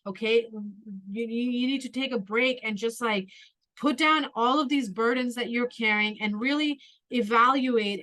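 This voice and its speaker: A woman's voice: high voice, bright, forceful tone. A woman giving a pick-a-card tarot reading in a casual, emphatic way, full of "like" and "okay?" and casual swearing. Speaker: tarot reader.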